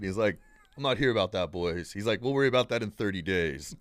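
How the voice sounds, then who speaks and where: A man's voice: on the low side, fairly quick, dry recording. A young man, a podcast guest, telling a story in a casual, rambling way, acting out the people in it and saying "dude" a lot. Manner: rambling and animated, acts out quoted voices, says "dude" often.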